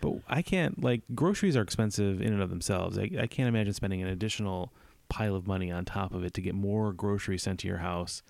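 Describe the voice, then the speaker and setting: Male podcast co-host, deep and gravelly, relaxed, rambling, joking delivery. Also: fast talker, few pauses, no room sound. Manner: laid-back, rambling, joking. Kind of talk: casual chat.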